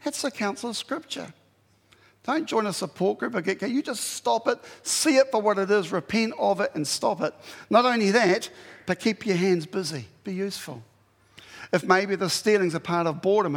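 A man's voice: sits high, moderate pace, vocal fry, in a large hall. A man preaching a sermon in a blunt, exhorting way, giving plain commands to his listeners.

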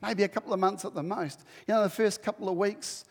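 This middle-aged pastor's voice sits high and moves fast, with a big-room sound around it. He preaches through an animated story, acting out the dialogue full of energy.

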